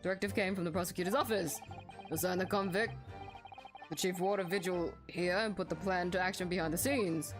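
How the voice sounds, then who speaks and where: A woman voicing a gruff middle-aged male prison warder in a put-on Scottish accent, reading aloud haltingly with fumbles. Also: on the low side, fairly even intonation, music in the background, natural voice. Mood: defensive.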